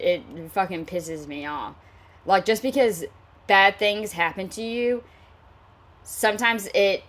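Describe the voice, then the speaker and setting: Brief: woman commentator, heated and profane, midrange voice, stumbles and restarts. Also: mid-range voice. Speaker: commentary creator. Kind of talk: reading messages with angry commentary.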